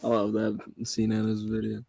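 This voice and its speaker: A man's voice: on the low side, monotone, moderate pace, vocal fry, warm tone. A man streaming a game live, chatting casually, rambling and swearing as he jokes with a friend.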